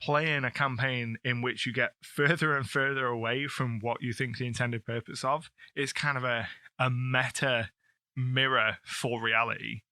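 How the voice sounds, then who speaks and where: Guy cohosting a podcast, super bright voice, dry sound, keeps agreeing and riffing on ideas. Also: medium pitch, steady tone, dry recording. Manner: enthusiastic, quick to agree and riff. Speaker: podcast co-host. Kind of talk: casual chat about tabletop games.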